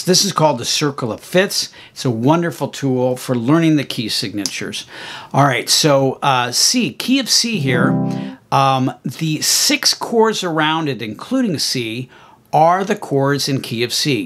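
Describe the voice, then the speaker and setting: A man teaching music, walking through a software tutorial in a friendly, explanatory way with plenty of okays and ums. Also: mid-range voice. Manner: friendly, explanatory, fillers like okay and um. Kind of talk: screen-recorded software tutorial.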